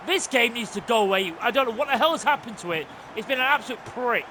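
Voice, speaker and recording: A gaming host doing let's-play commentary, excitable and swearing as they rant at the game. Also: medium pitch, fast, few pauses, a little hiss or hum.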